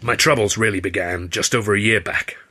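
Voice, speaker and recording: A man voicing a burly, gruff vaudeville entrepreneur who growls, blusters and boasts. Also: fairly low pitch, fairly even intonation, a little fast, bright, forceful tone, a little hiss or hum. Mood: boastful.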